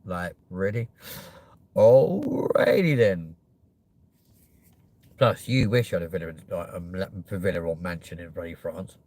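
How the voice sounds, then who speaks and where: Brief: young guy, lowish voice, sweary live-stream host riffing loosely with chat. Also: fairly even intonation, fairly quick, hardly any pauses. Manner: sweary, jokey, chatty with viewers.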